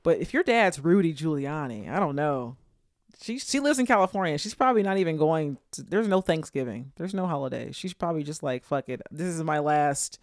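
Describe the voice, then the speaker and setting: A lively podcast co-host in casual political chat, joking around and breaking into laughter often. The voice sits at a middling pitch and sounds close and dry, with no room echo. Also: fairly quick. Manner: jokey and animated, laughs often.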